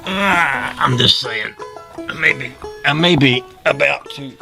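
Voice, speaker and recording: A man's voice: mid-range voice, slow, gravelly, sharp tone, faint music behind. A man chatting casually to the camera in a folksy, wry way while working on his car at home. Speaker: home car mechanic vlogger.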